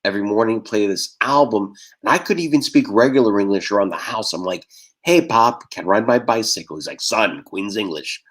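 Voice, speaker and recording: Man from Texas, lowish voice, deadpan stand-up, rapid one-liners over a video call. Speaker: stand-up comedian.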